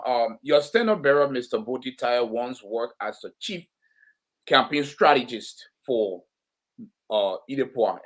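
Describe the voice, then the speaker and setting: Male community talk show host, stop-start delivery full of fillers. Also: mid-range voice. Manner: halting, many fillers and restarts.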